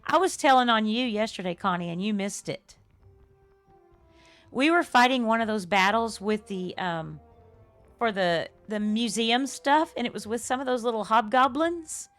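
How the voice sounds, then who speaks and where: A woman's voice: fairly high pitch, normal speed, fairly bright tone, faint music behind. An older woman, chatting effusively and laughing often as she streams a game live and thanks her viewers. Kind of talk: live-stream chat while playing.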